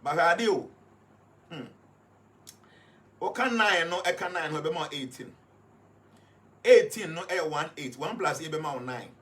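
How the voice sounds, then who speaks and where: A man's voice: fairly high pitch, expressive, unhurried, pauses often, a bit bright. Ghanaian man explaining on live radio. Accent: Ghanaian English. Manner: explains points one by one, mixing English with Twi. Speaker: radio guest reading numerology.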